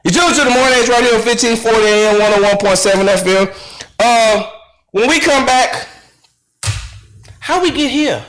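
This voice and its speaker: A man's voice: very high-pitched, moderate pace, long pauses, a bit bright, roomy sound, rough recording. A male radio host giving an impassioned commentary, fiery and rhetorical, repeating phrases for emphasis. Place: radio studio.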